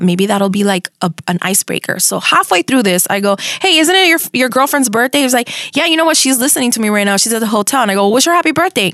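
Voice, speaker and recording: Guesting on a casual interview, a middle-aged Miami radio host tells a story fast and animatedly, cursing freely and dropping in Spanish words. Her voice sits at an average pitch with a fairly bright tone, recorded dry and close to the mic with no echo.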